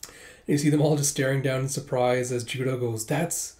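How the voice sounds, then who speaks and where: A man's voice: mid-range voice, fairly even intonation, fairly quick, a little mellow. Brief: man, casual read-aloud narrator, conversational, fillers. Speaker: manga reader and narrator.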